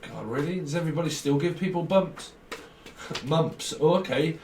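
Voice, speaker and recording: A man with a fairly high, expressive, slightly mellow voice speaks at a normal speed as he gives an informal tarot reading. He meanders between associations and often chuckles; he's far from the mic, so the sound is roomy with faint hiss.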